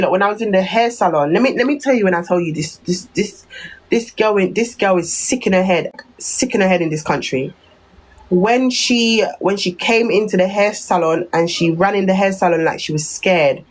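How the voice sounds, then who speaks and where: A woman's voice: mid-range voice, moderate pace, rough recording. A woman with a Jamaican accent ranting on a phone live stream, repeating insults in a heated, cutting manner.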